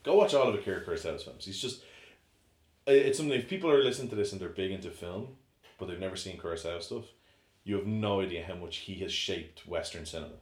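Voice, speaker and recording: A man with a deep, low voice chats casually as a podcast co-host. He rambles and restarts often, getting animated when he retells scenes. The sound is roomy and echoey. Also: fast talker. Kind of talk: casual chat. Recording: echoey room.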